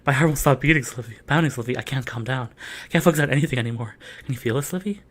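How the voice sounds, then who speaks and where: A man reading a shy, flustered teenage girl's lines from a game in a hushed, breathy voice, as whispered role-play. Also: mid-range voice, racing, pitched below the performer's own voice, close to an everyday voice.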